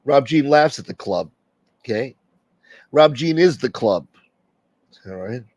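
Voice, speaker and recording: A man's voice: mid-range voice, animated, measured pace, a little mellow, no echo. A man hosting a casual livestream, joking brashly with viewers and swearing freely. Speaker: livestream host.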